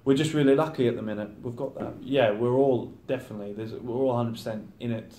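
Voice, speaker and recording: Man, 30, professional footballer, relaxed interview talk, mid-pitched, echoey room sound. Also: fast talker, slight background noise. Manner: chatty, acts out teammates' banter. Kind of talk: casual interview chat. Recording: roomy echo.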